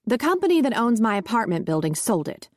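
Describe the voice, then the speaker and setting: A woman's voice: fairly high pitch, big pitch swings, a little fast, darkish tone, no room sound, clean studio sound. A woman voicing a demanding, self-pitying middle-aged mother who is exasperated with her son. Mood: pushy exasperated. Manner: exasperated and pushy.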